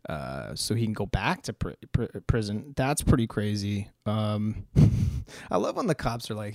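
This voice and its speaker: A man's voice: on the low side, sing-song, unhurried, no echo, studio quality. An American man rambling through news in a casual, profane, joking way, full of fillers and restarts. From United States.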